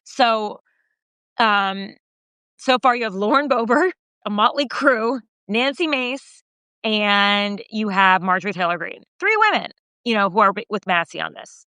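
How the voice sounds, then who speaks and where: A woman podcast host and journalist recounting a story in casual conversation, animated and full of fillers, raising her voice when quoting others. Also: measured pace, clear, resonant tone, dry recording. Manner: animated retelling, voicing quoted remarks higher, frequent fillers.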